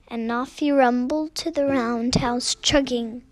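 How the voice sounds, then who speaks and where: Slow, high-voiced woman reading aloud. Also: music in the background. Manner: slow, expressive, sing-song. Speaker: storybook reader. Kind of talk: reading a picture book aloud.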